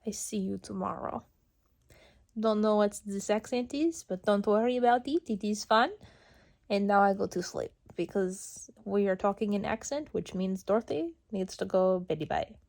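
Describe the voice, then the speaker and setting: A woman's voice: medium pitch, normal speed, gravelly, a little mellow, natural voice. A woman doing a silly made-up accent. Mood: playful. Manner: playful, sleepy bedtime sign-off.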